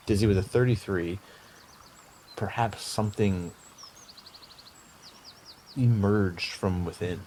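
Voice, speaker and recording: A man narrating a tabletop game as game master, describing scenes in a halting way with many fillers. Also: deep voice, a little mellow, slight background noise.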